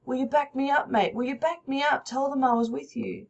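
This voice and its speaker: A woman's voice: lowish voice, fairly even intonation, normal speed, gravelly, darkish tone, dull audio. A woman reading the lines of a shocked young man who can't believe what his friend has done. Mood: rattled. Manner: rattled, questioning.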